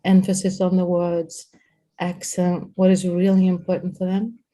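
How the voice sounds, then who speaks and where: Energetic woman coach, mellow voice. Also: lowish voice, normal speed. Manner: energetic, repeats words, talks to a co-host. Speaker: host and communication coach. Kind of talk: live-streamed coaching talk.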